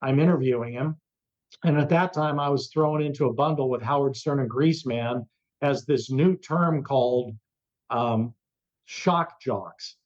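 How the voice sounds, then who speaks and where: An older man, a radio host, telling lively anecdotes in an interview and acting out the voices of the people in them. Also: medium pitch, moderate pace, dull audio. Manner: animated anecdote telling, acts out quoted voices. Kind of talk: storytelling in an interview.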